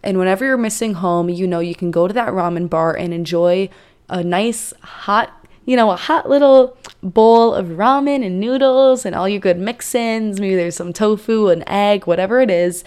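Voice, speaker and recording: A woman's voice: medium pitch, moderate pace, a little mellow, clean tone. Chatty young woman hosting an advice podcast. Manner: chatty, conversational, frequent fillers and asides. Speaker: podcast host. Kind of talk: casual advice monologue.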